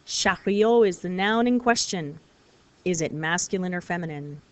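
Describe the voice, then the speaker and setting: A woman teaching a recorded lesson, explaining clearly and patiently, step by step. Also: fairly low pitch, animated, moderate pace. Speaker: French teacher.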